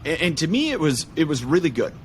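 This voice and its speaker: A man's voice: fairly high pitch, sing-song, quick pace, a little hiss or hum. A man hosting a podcast interview, talking in an earnest, reflective and hesitant way. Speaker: podcast host. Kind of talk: conversational interview.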